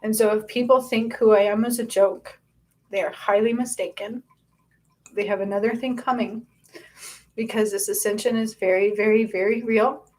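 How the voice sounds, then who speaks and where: An adult woman hosting as a spiritual channel speaks at normal speed in a medium-pitched, steady, darkish voice. Her personal testimony is earnest and confessional, and she often stops and restarts partway through sentences.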